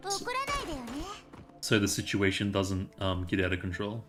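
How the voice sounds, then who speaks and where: A man hosts a casual game stream, mixing story reading with excitable, teasing asides. His voice sits on the low side, and he breaks into laughter often. A faint strain of music plays behind him. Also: measured pace.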